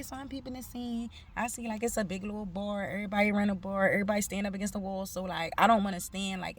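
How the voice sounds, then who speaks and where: Profane, animated woman telling a story. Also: mid-range voice, a little hiss or hum. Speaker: vlogger. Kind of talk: casual storytime vlog. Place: outdoors.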